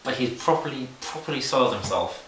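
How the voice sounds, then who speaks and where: A man's voice: mid-range voice, animated, fairly quick, a bit bright. A young man co-hosting a podcast, telling a rambling, laugh-filled story and mimicking the voices in it. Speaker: podcast co-host. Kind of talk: casual chat. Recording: roomy, distant mic with faint hiss.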